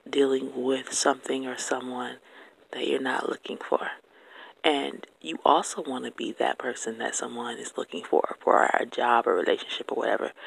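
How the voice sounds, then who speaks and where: A speaker giving earnest, faith-based encouragement straight to viewers, much of it in a soft whisper. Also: mid-range voice, vocal fry, slightly rough, rough recording. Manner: addresses viewers directly with "okay?". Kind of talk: encouraging personal talk to viewers.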